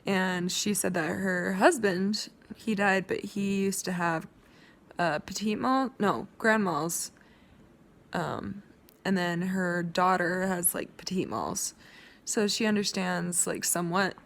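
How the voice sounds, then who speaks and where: A woman's voice: fairly low pitch, slow, vocal fry. A young woman vlogging an emotional rant to her viewers, rambling with many restarts and growing insistent.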